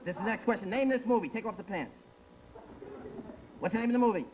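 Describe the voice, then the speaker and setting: A man hosting a comedic game show, teasing contestants with quick jokes. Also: sits high. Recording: noisy archive TV studio tape.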